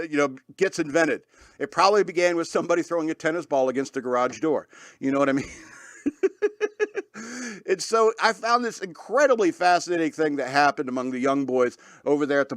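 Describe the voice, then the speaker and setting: A man's voice: on the high side, a bit bright, dry recording, clean studio sound. A man hosting a talk radio show, rambling in a casual monologue with lots of fillers and frequent laughs.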